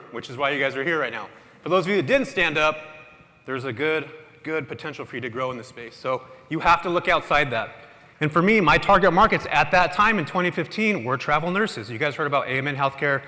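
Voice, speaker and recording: Brief: upbeat male conference speaker, quick and bright, slightly high voice, big hall reverb. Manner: energetic, casual, quizzes the crowd. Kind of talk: motivational talk to a live audience. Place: large hall with audience. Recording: echoey hall with long reverb.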